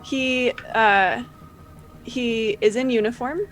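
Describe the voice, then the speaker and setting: A woman's voice: fairly high pitch, takes it slowly, soft background music, low-quality recording. Woman narrating a tabletop game. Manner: relaxed, with frequent fillers. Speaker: game master.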